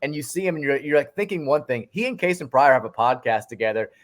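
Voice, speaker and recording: A man chatting on a podcast as a guest sports writer, with a mid-range voice. He talks in a lively, animated way and often restarts his sentences. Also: medium pitch, quick pace. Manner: animated storyteller, many restarts. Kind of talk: casual podcast chat.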